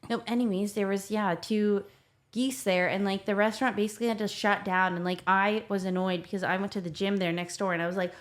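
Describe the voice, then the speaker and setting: A woman's voice: mid-range voice, fairly even intonation, brisk. A woman, a guest on a podcast, telling stories in a chatty way and laughing often. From Canada. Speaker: guest, content creator. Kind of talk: casual podcast chat.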